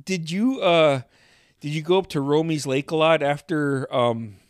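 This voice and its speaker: A man's voice: a little high, measured pace, clear, resonant tone, no room sound, clean studio sound. A man hosting a podcast, telling stories in casual chat and swearing often. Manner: swears a lot, animated storytelling. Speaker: podcast host.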